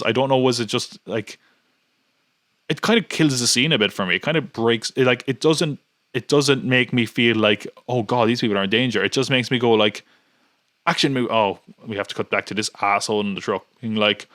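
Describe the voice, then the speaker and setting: A man's voice: mid-range voice, a little fast, a bit bright, no room sound, clean studio sound. A man hosting a podcast in casual chat, rambling and nitpicking with many restarts. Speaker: podcast host.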